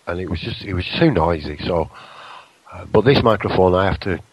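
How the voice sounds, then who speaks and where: Man, radio host, lower voice, very lively pitch, rambling and excitable. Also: brisk, breathy edge, muffled recording. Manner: rambling and excitable, self-deprecating. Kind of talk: casual radio chat. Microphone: close-up microphone.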